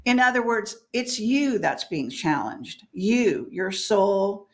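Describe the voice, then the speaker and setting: A woman's voice: medium pitch, very animated, slow pace. A woman guest in a candid spiritual interview, talking emphatically, swearing freely and laughing often.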